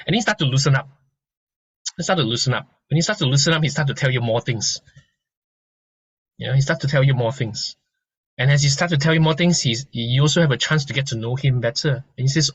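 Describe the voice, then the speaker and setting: Male dharma teacher, relaxed lecture delivery, husky tone, dry, slightly muffled recording. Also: mid-range voice, moderate pace, no room sound. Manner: gentle and conversational, many restarts and soft laughs. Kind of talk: informal lecture with analogies.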